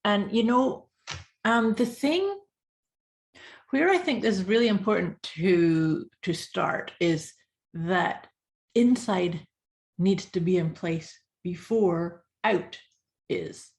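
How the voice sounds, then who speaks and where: A woman co-hosting a podcast in casual chat, affirming her partner often and speaking with warmth about the topic. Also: medium pitch, lively intonation, slow pace. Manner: warm, affirming, often says mm-hmm. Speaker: podcast co-host.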